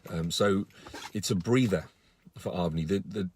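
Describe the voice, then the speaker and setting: A man's voice: deep voice, measured pace, a little mellow, husky, dry recording. A man giving a casual live-stream update to followers, earnest and indignant, with many fillers and restarts. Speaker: campaigner on a live video.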